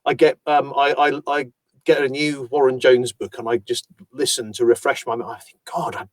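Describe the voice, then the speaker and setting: A man from Yorkshire, an audiobook narrator, chatting about his voice work in an animated storytelling manner. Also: mid-range voice, moderate pace, dry recording. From Yorkshire, England. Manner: animated, chatty storyteller who slips into accents. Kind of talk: casual conversation about voice work.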